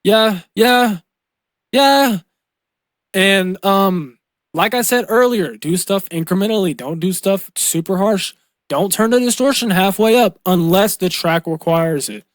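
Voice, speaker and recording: A young man teaching vocal mixing in a loose, slangy way, calling out "bro" and "boom" as he works. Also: moderate pace, no room sound, clean studio sound. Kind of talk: casual screen-recorded tutorial. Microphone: close studio mic.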